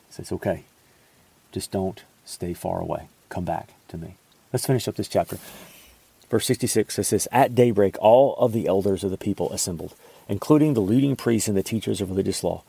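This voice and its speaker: A man reading scripture aloud and pausing to explain it in a devotional teaching. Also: lowish voice, vocal fry, warm tone, slightly rough. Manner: reads scripture aloud, then pauses to explain it. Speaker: Bible teacher.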